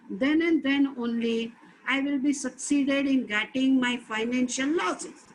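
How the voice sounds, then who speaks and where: A woman's voice: high voice, poor audio. A middle-aged woman giving a lecture, earnest and emphatic, stressing key points with repetition.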